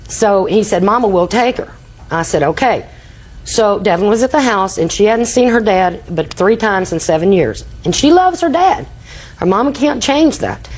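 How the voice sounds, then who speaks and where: A woman's voice: medium pitch, a little mellow, husky, poor audio. An older woman testifying in a TV courtroom, telling a rambling story and acting out quoted dialogue. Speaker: litigant.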